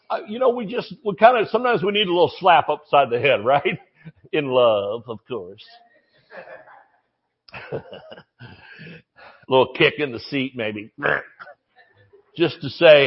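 A high-pitched man preaches a sermon. He talks in a folksy, joking way and leans hard on key lines. The recording sounds dull and lo-fi. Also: animated, unhurried, long pauses, husky.

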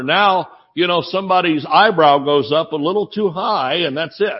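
A man's voice: a little high, moderate pace, hardly any pauses, muffled recording. A man with a Southern US accent, preaching a humorous sermon full of stories and laughter. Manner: animated storytelling, laughs often.

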